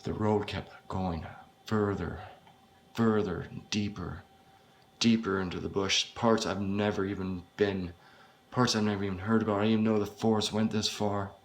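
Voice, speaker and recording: A man reading his own first-person horror story aloud, in a halting, unpolished way with frequent swearing. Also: fairly low pitch, little pitch movement.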